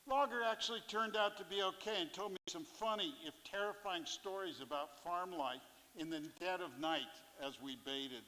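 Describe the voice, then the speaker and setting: A man's voice: high-pitched, normal speed, sharp tone. A man reading his own fishing memoir aloud on a theatre stage, telling it plainly with dry asides. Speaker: fisherpoet performer. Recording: live theatre with long reverb.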